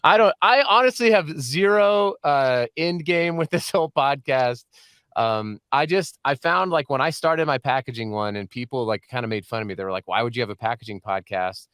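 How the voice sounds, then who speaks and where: A man's voice: mid-range voice, moderate pace, fairly bright tone, clean tone, no room sound. Man, podcast host, casual joking chat, home studio, resonant, dry. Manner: joking, chatty, laughs often.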